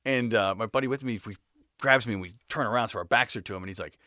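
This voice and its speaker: A man's voice: on the low side, quick pace, bright, forceful tone, dry recording, studio quality. A man, a music video director, telling a personal story in casual style, laughing often and swearing, with bursts and restarts.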